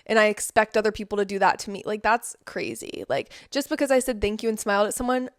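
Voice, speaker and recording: A woman's voice: medium pitch, fast, no echo. Chatty young woman vlogger, dry sound. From Southern United States. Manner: chatty, peppered with "like" and "um". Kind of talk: casual vlog monologue.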